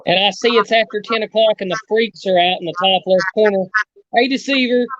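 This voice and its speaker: A man's voice: sits high, a little fast, a bit bright, no echo. A man who is a guest wrestler and champion, cutting a boastful, rambling promo full of trash talk. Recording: dull lo-fi sound.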